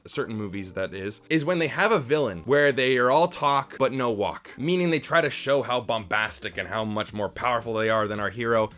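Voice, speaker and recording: A man's voice: mid-range voice, a bit bright. A young man reviewing a movie for his channel, talking straight to viewers in an enthusiastic, emphatic way. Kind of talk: casual movie review to camera.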